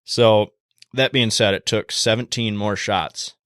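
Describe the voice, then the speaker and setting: A man guest on a podcast, telling a story in a casual, animated way and acting out the quotes in a hushed voice. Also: fairly low pitch, unhurried, smooth, no echo, studio quality.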